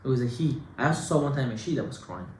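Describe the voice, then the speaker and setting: A man giving an informal Torah class as a rabbi, animated and conversational, with Hebrew terms mixed in. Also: medium pitch, rapid-fire. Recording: echoey room with faint noise.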